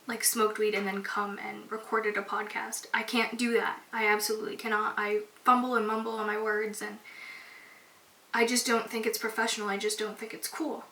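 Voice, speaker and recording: Bright young woman podcasting in a roomy echo. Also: mid-range voice, flat delivery, normal speed. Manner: open, emotional, casual with frequent "like". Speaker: podcast host. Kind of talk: candid personal podcast monologue. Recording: roomy echo, distant mic, faint hiss.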